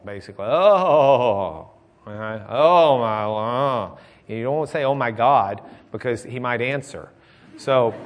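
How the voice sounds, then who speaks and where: A man preaching a sermon in a folksy, conversational way, telling jokes and moving between loud emphasis and quiet, intimate passages. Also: medium pitch.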